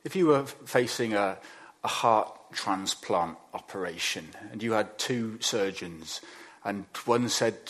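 A man preaching a sermon, acting out quoted voices and dropping to quiet emphasis on key lines. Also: lowish voice, lively intonation, measured pace.

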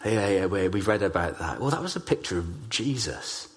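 A man preaching a sermon, telling stories and stressing key phrases slowly. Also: low voice, big pitch swings. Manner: storytelling, emphatic with slow stressed phrases.

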